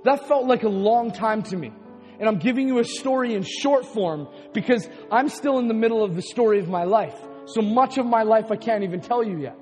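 A man's voice: high voice, a little fast, darkish tone. A man from Canada preaching a sermon testimony, telling his story with animation, acting out his own quotes and often laughing. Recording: long hall reverb with faint music.

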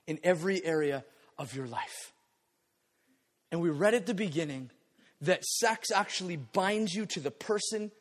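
High-voiced man preaching in a big echoing hall. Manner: energetic, playful asides and acted-out quotes. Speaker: pastor. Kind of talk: sermon. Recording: long echo of a large hall.

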